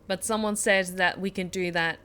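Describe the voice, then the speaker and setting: A woman's voice: fairly low pitch, fairly even intonation, moderate pace, pushed and bright, smooth. Woman game streamer, casual let's-play chat, talks to viewers, reassures herself. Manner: chatty, thanks chat, self-reassuring.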